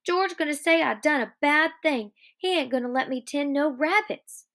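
A woman's voice: fairly high pitch, sing-song, takes it slowly, a bit bright, exaggerated voice. A woman reading aloud as a simple-minded, earnest farmhand man with a childlike, pleading manner.

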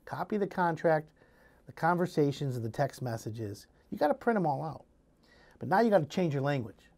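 Guy giving contractor advice, lively up and down delivery, acts out little scenes as he goes. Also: fairly high pitch. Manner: animated storytelling, acting out scenarios. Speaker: home improvement advisor. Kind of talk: casual advice talk.

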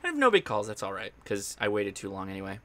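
Bright upbeat man hosting a ham radio show. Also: lowish voice, wildly swooping pitch, fast. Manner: chatty and upbeat, with loose restarts. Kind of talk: live-stream tech explainer. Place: home radio station.

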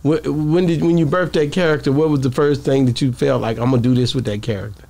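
A man asking questions in a relaxed interview, his voice at an ordinary middle pitch. He rambles, restarts his sentences and slips into giving advice. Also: quick pace, gravelly. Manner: rambling, with many restarts, advising. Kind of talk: casual interview chat.

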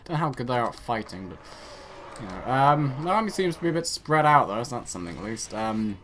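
Playing a strategy game, a gaming channel host gives rambling, self-mocking let's play commentary and talks to his units. His medium-pitched, fairly bright voice is brisk, with big pitch swings and a little hiss or hum.

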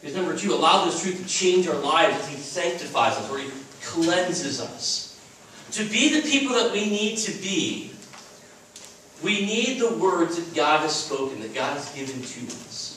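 A man's voice: fairly high pitch, lively intonation, normal speed, fairly bright tone, a little hiss or hum. A man preaching an earnest, emphatic sermon as a chapel speaker at a Christian school. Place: chapel at a retreat. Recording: echoey room from far off.

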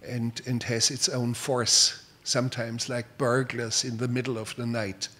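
An older German man, accented and measured, takes audience questions at a public talk, pausing a lot and repeating words. His mid-range voice barely moves in pitch and sounds bright and forceful.

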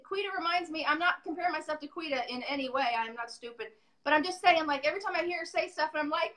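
A middle-aged woman with a high, bright voice chats loudly on a livestream over her phone. She rambles, jokes at her own expense and struggles to stay on point. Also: fast talker. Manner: talkative, loud, self-deprecating, rambling. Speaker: guest furniture painter. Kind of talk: casual livestream chat. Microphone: phone on a video call.

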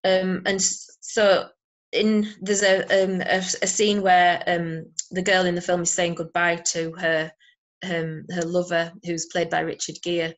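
Woman reading poetry, flat and low. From Yorkshire, England. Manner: measured, even recitation; hesitant with fillers between poems. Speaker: poet. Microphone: video call.

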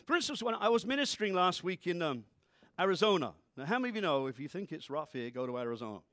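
A man preaching to his congregation in a lively, joking way. His voice sits high and swings widely up and down. The sound is dry and close, with no room echo. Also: quick pace. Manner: animated preaching with playful voices and asides. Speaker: pastor. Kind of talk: sermon.

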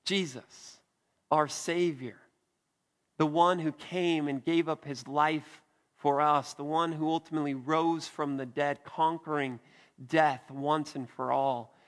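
Guy preaching a sunday sermon, pretty high voice, takes it slow, earnest pauses. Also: steady tone, long reverb tail. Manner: earnest, slow and deliberate with soft emphatic pauses. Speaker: pastor. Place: church.

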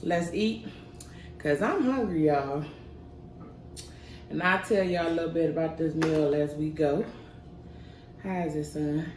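A woman's voice: sits low, a little slow, pauses often, a little mellow. A woman chatting casually to her viewers as she sets up a mukbang at home, a little out of breath. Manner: chatty, addresses viewers as y'all. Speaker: mukbang vlogger. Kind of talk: casual chat to camera. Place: home, indoors. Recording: echoey room, faint background noise.

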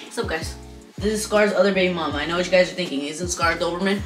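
A woman's voice: on the low side, very fast. A woman chatting casually, playful and asking curious questions. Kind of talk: casual chat. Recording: roomy, off-mic, music.

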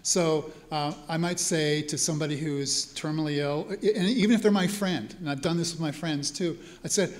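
A man's voice: a little high, steady tone, brisk, hardly any pauses. A man who is a priest and spiritual care teacher, telling stories to a live audience in a chatty way. He often checks in with the listeners as he talks. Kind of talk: storytelling talk to a live audience. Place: church hall event.

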